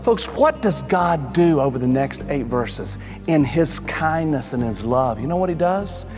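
A man preaching a sermon, talking emphatically to his listeners, calling them folks and dropping his voice low for stress. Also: lively intonation, measured pace, darkish tone, long reverb tail, faint music behind.

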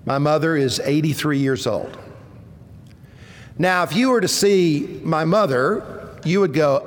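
A man in his fifties delivers a sermon in an earnest, measured way. His voice sits high and moves at an unhurried pace, rising in strength at points of emphasis. A long church-hall reverb trails each phrase. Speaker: preacher. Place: church sanctuary.

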